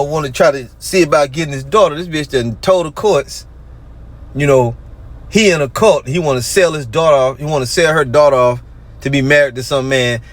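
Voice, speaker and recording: A man's voice: on the high side, fairly bright tone. A man, ranting in a casual monologue and reading scripture aloud between mocking remarks. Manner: rants and mocks, reads verses aloud. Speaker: religious group commentator.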